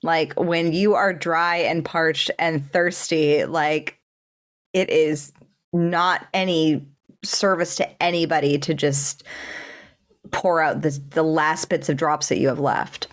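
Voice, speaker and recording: Upbeat woman host with a lower voice. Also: steady tone, slow. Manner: upbeat, affirming, laughs easily. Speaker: podcast host. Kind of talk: interview hosting.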